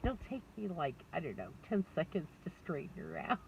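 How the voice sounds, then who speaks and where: A middle-aged woman vlogger rambles candidly to camera in a personal monologue, laughing often and poking fun at herself. Her fairly low, creaky, darkish voice swings hugely in pitch and moves a little fast. The recording is distant, made on a dull lo-fi mic with faint noise.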